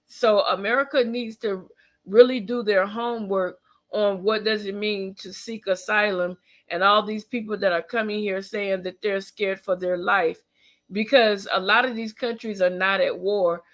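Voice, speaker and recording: With a steady, medium-pitched, fairly bright voice at a slightly slow pace, a weary vlogger yawns through pointed news commentary. They read a passage aloud, then stop to react forcefully, speaking loosely with many fillers and restarts.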